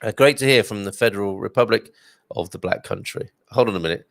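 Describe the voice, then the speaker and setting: A man's voice: on the low side, fast, gravelly, dry recording, clean studio sound. A man hosting a live stream, chatting and reading out viewer comments with rambling asides. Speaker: host.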